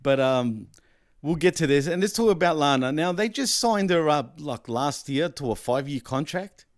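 Male co-host, slightly high voice, chatty, laughs easily, dry close sound. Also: animated, moderate pace, no room sound. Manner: chatty, laughs easily, leans on "let's be honest". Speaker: podcast co-host. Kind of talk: casual wrestling chat.

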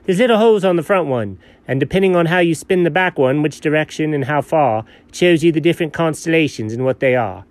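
A man playing a scatterbrained, excitable male buddy in comedy banter, jumping between low mumbles and sudden high yelps. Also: fast talker, hardly any pauses, dry recording, close to an everyday voice. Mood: goofy. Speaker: co-host.

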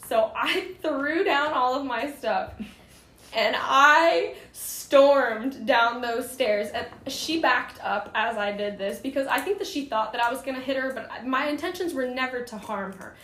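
A young woman casually telling a story, animated and full of fillers, acting out quoted dialogue. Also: a little high, normal speed. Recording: roomy echo with faint background noise.

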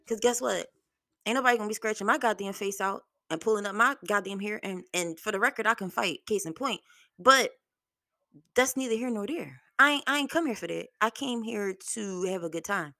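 A young adult woman hosting her solo podcast, talking bluntly and with plenty of profanity, telling stories in an animated way. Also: medium pitch, moderate pace, gravelly, dry recording, clean studio sound. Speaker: podcast host.

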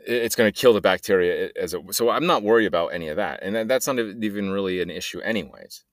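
A man's voice: on the low side, quick pace, no room sound, clean studio sound. A man hosting a solo podcast, rambling and joking in a meandering way and trailing off mid-sentence. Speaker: podcast host.

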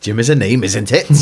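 A man trading quick crude one-liners on a podcast, often laughing. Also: mid-range voice. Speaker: podcast co-host. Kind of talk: crude casual banter.

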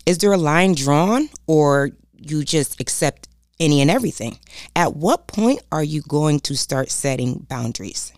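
A woman's voice: sits low, expressive, unhurried, darkish tone, dry recording, studio quality. A woman giving a motivational talk on boundaries, preachy and emphatic, repeating her key points and speaking straight to her listeners. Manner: addresses listeners directly as "y'all". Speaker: self-help speaker.

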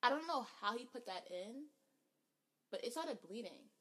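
A woman's voice: on the high side, animated, normal speed, pushed and bright, husky. A woman co-hosting a podcast, giving blunt, opinionated, emphatic reactions in casual chat. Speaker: podcast co-host.

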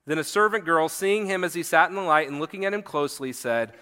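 A man's voice: a little high, fast talker, pushed and bright, clear, resonant tone, long reverb tail. A man preaching a sermon as pastor, reading scripture aloud and explaining it in an earnest manner with occasional fillers. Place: church hall.

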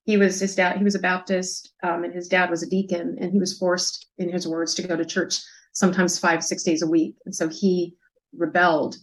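Soft-spoken reflective woman in her fifties. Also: on the low side, flat delivery, normal speed, low-quality recording. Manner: reflective, soft, hesitant with many fillers. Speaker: interview guest. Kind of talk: personal storytelling.

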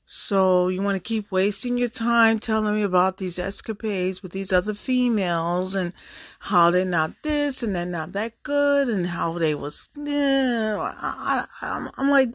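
A middle-aged woman vents candidly, frank and exasperated, driving each point home by repeating it. She takes her time, speaking at an unhurried pace in a medium voice. The sound is dry and close, with no room behind it. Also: mid-range voice, no room sound. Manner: frank, exasperated, emphatic repetition. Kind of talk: candid personal venting.

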